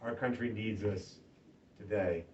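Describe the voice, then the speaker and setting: A man delivering an emphatic campaign stump speech, moving between loud rallying lines and quiet, earnest stretches. He sounds far from the mic, on a dull, lo-fi recording. A faint room ambience hums behind him. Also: on the low side, a little slow, slight background noise. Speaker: political candidate. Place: party office meeting room.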